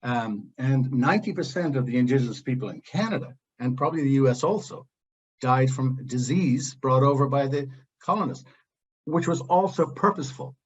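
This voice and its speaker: A man's voice: mid-range voice, lively intonation, moderate pace, husky, highs cut off. A man speaking as a panelist in a heated open discussion, blunt and impassioned, drifting into digressions.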